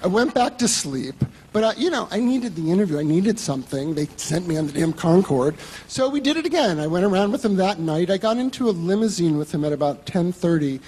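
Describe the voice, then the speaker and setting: A man's voice: high-pitched, expressive, brisk, a little mellow, breathy edge, long reverb tail. A man telling a story on stage to an audience, in a wry, profane, self-mocking way.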